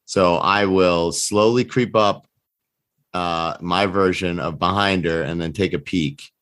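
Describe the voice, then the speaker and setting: Male player, fairly low voice, measured and wry. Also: a bit bright, clear, resonant tone. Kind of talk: playing a tabletop game.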